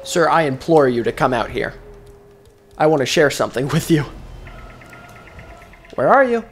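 A man doing casual gameplay commentary, jokey and profane, breaking into loud excited outbursts. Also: on the high side, moderate pace, soft background music. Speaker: gaming commentator. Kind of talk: casual let's-play commentary.

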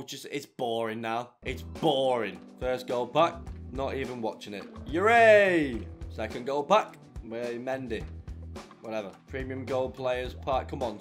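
A young man commentating his own football video game, swinging from muttered grumbles to shouted celebration. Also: mid-range voice. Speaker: gaming YouTuber. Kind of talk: live gameplay commentary.

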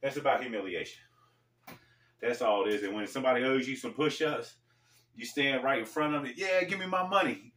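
A man's voice: lowish voice, a bit bright. Laid-back slangy man, echoey room. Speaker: storyteller host. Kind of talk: casual storytelling vlog. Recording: echoey room, mic far off.

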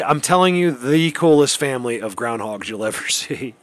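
A man vlogging outdoors on a mountain road, rambling excitedly to his viewers from a helmet camera. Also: mid-range voice, moderate pace. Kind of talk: casual outdoor vlog.

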